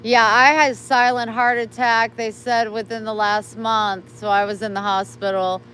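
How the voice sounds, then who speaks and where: A woman's voice: fairly high pitch, level tone, normal speed, a bit bright, slight background noise, low-quality recording. A middle-aged woman vlogging as she walks her dog outdoors, chatty and coaxing the dog along. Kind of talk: casual vlog while walking her dog.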